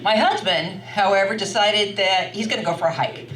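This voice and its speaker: An older woman spins a funny tale for a live crowd, lively and chatty, breaking into laughter now and then. Her voice sits in the middle of a woman's range. The room rings around her, and she is picked up from a fair way off the mic. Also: medium pitch, normal speed. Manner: animated, chatty, laughing often. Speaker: storyteller. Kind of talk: live storytelling to an audience. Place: wine bar, live event. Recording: roomy sound from a distant mic.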